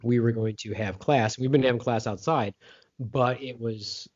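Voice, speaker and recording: Man, podcast co-host, playful, swears a lot, mid pitch, dull lo-fi sound. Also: fairly even intonation, normal speed, darkish tone. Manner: playful, swears, jumps into comic voices. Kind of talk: casual late-night chat.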